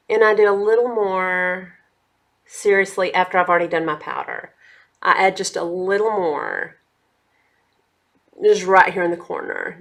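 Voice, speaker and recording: A woman's voice: lowish voice, gravelly, fairly bright tone. A woman chatting casually through a makeup tutorial, talking straight to her viewers. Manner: chatty, addresses viewers as y'all. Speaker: beauty vlogger.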